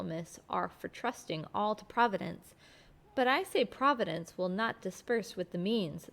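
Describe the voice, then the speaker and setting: A woman reading aloud as a composed, guarded middle-aged woman servant, measured and prim. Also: mid-range voice, vocal fry, close to an everyday voice.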